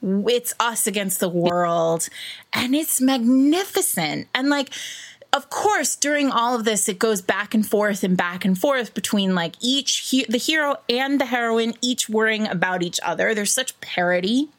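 A woman's voice: fairly high pitch, animated, a little slow. A woman hosting a podcast, chatting casually and rambling with many fillers and frequent laughs. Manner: rambling, full of "like" and "um", laughs often. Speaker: podcast host.

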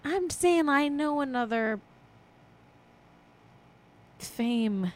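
A woman hosting a podcast, animated and gossipy in casual chat, laughing easily. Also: high voice, drawn-out words. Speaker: podcast host.

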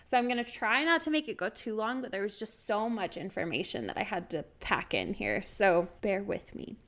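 A woman's voice: mid-range voice, expressive, moderate pace, a bit bright. A young woman co-hosting a podcast, chatting casually, laughing often and walking through history notes. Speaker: podcast co-host.

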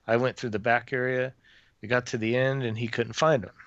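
Brief: man, storyteller guest, halting and self-correcting, dry and slightly dull sound. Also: medium pitch, little pitch movement, a bit bright, no echo. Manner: hesitant, with many restarts and fillers. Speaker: former theme park custodial worker, guest author. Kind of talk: casual storytelling in a podcast interview.

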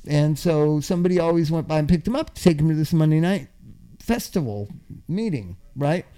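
An older man telling a long, funny story in a casual chat, swearing freely, laughing often and acting out his own yelling. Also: fairly high pitch, lively intonation, brisk.

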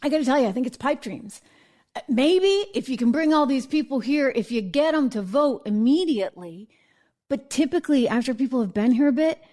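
A woman's voice: fairly high pitch, darkish tone. A woman hosting a political talk show, delivering an emphatic, conversational opinion monologue and checking in with viewers. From New England. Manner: emphatic, conversational, asks viewers "right?" and "okay?".

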